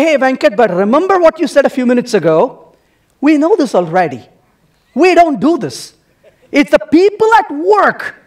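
High, lively man giving a playful tech talk. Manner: playful, teasing, full of rhetorical questions. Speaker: conference speaker. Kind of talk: humorous technical talk to a live audience. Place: conference hall.

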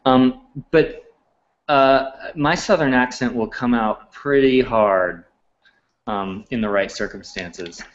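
A man's voice: medium pitch, slow pace. A man from Charleston, a cookbook author guest, chatting casually with many restarts, fillers and chuckles. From Charleston, South Carolina, US. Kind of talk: casual chat. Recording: lo-fi live stream audio.

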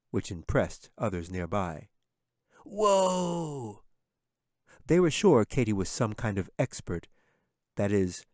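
A man, the author, reading his own fantasy book aloud in a measured, steady storytelling manner. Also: sits low, no room sound, clean studio sound. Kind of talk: audiobook narration.

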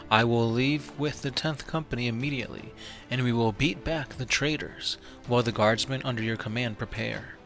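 A man's voice: medium pitch, bright, forceful tone. A man reading the part of a stern, commanding chapter master who gives curt orders.

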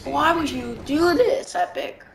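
A woman in casual gaming chat with a lively, scolding way of talking. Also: high voice, measured pace, creaky, roomy sound, slight background noise. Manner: animated, scolding. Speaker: vlogger.

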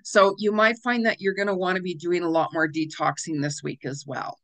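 A woman's voice: on the low side, fairly quick. Chatty woman giving a weekly forecast. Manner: chatty, animated, laughs often, acts out little quoted reactions. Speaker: spiritual astrology host. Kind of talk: casual weekly forecast talk.

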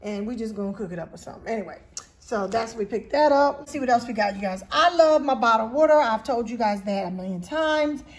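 A woman's voice: fairly high pitch, a little fast. A woman hosting a casual grocery haul video at home, chatting straight to her viewers. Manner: chatty, keeps addressing viewers directly. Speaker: vlog host.

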